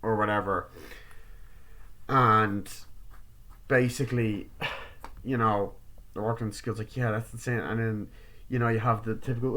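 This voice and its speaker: A man's voice: mid-range voice, fairly even intonation, fairly bright tone. Guy doing a chatty movie review, rambly, keeps saying like and you know, does little character lines. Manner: rambling, acts out characters' lines in quick impressions; heavy use of filler words like "like" and "you know". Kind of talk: casual film review vlog.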